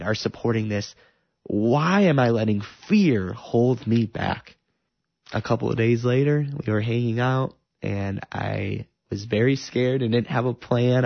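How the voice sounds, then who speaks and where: A man's voice: medium pitch, gravelly, no echo, highs cut off. A man sharing an earnest, emotional personal testimony about faith and love.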